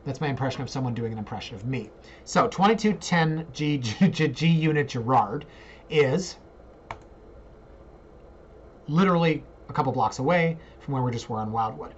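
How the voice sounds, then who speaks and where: A man's voice: lively intonation, fairly quick, slight background noise. Brief: 40s male realtor, chatty and joking, walks viewers through listings, somewhat muffled home mic. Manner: joking, chatty, jumps into squeaky asides. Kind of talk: casual screen-share talk.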